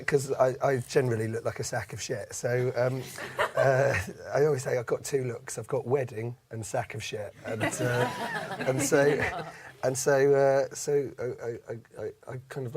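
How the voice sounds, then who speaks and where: Man, comic anecdote, rambling, lots of ums and restarts, mid pitch, faint hiss. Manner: rambling, many fillers and restarts, swears, laughs at own story. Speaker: comedian guest. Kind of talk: casual comic storytelling.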